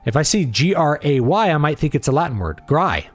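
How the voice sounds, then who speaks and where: Opinionated man with a lively voice. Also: fairly high pitch, fast talker, no echo, faint music behind. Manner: opinionated, blunt, playful. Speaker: livestream host and writer. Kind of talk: casual livestream talk.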